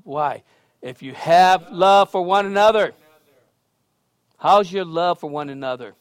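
High-pitched preacher, loud swells and quiet asides. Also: male voice, no room sound. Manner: conversational storytelling with laughs. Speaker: pastor. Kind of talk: sermon.

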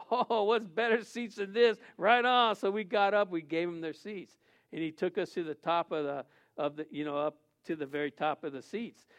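A man who is a pastor, preaching a sermon and telling a funny personal story, acting out the dialogue and laughing often. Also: high-pitched.

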